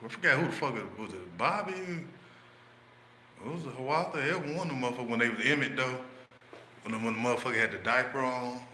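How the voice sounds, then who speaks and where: Guy rambling stories on stream, real bright voice, echoey room. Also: mid-range voice, fast. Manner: rambling, profane, loose. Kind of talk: casual storytelling. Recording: echoey room, faint background noise.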